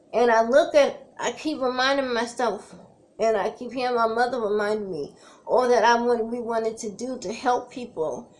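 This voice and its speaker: A woman speaks in an earnest, emotional vlog, her voice sitting somewhat high. She repeats herself as she encourages her viewers through hardship, close to tears at moments. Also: darkish tone. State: tearful at times. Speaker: cancer survivor vlogger. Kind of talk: heartfelt direct-to-camera vlog.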